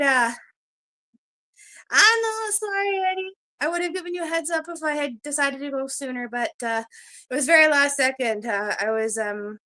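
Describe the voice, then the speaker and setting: A woman's voice: high voice, pushed and bright. A Canadian woman at home hosting a casual livestream, chatty and rambling, greeting viewers one by one with lots of fillers. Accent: Canadian English. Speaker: livestream host. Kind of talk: casual live-stream chat.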